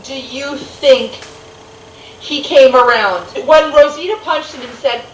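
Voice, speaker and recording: A woman co-hosting a casual chat in a musing, questioning way that often drops soft and low. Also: takes it slowly, distant mic. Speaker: co-host. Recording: echoey room, off-mic, faint hiss.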